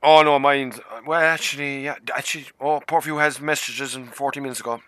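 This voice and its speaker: A man's voice: mid-range voice, a little fast. A man hosting a casual gaming stream with friends, swearing freely and telling stories. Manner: swearing, storytelling, excitable. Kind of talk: casual chat among friends.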